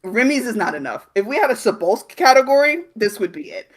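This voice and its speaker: A woman's voice: fairly high pitch, brisk. A woman co-hosting a podcast, ranting in casual chat with lots of swearing and filler "like". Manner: animated, profane, frequent "like". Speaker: podcast co-host.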